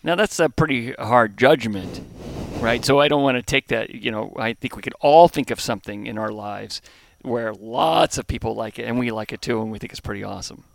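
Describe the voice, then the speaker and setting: Gravelly middle-aged man, reflective. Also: medium pitch, fairly quick. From United States. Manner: thoughtful, restarts phrases while searching for words. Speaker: brewery founder, podcast guest. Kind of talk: reflective conversational interview. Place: home in Hawaii.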